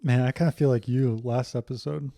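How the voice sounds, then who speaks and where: A man's voice: mid-range voice, steady tone, brisk, gravelly, mellow. A man co-hosting a podcast, chatting casually with short, laid-back replies. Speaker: podcast co-host. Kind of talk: casual chat.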